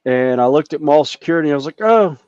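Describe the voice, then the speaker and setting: A man with a slightly high voice spins a long, casual anecdote for friends on a video call, full of fillers and restarts. The audio is dull and dry, like a call microphone. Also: fairly even intonation, rapid-fire, a little mellow, smooth, dry recording. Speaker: hobby group member. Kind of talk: casual storytelling on a group call.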